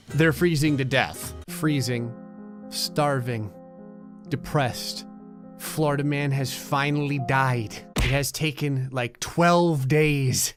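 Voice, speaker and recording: A man with a fairly high voice giving joking commentary over gameplay. He narrates dryly, then jumps sharply upward when something surprises him. Quiet game music plays behind him. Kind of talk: casual let's-play commentary.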